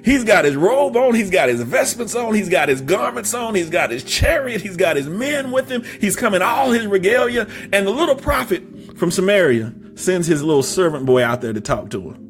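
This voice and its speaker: Male preacher, high voice, emphatic and repetitive, climbs to shouting, faint music under him. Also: lively intonation, normal speed. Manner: humorous storytelling with stammered restarts. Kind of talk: sermon.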